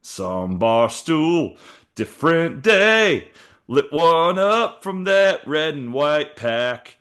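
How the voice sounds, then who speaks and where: A man's voice: fairly high pitch, fairly even intonation, pushed and bright, pitched above the performer's own voice. Man putting on a drawling country singer. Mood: crooning. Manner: drawn-out sung-spoken country drawl. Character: crooning male country singer, twangy and laid-back. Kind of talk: mock country song performance.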